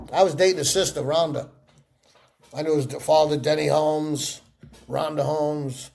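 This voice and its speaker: Gravelly man telling stories animatedly. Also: fairly high pitch, moderate pace. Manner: animated storyteller acting out quoted voices. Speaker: interview guest. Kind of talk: sit-down interview storytelling.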